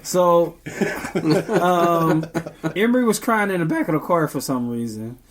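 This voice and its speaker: A man's voice: a little high, sing-song, measured pace. Rambling young man telling a story. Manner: meandering, full of ums. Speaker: podcast co-host. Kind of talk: casual storytelling chat.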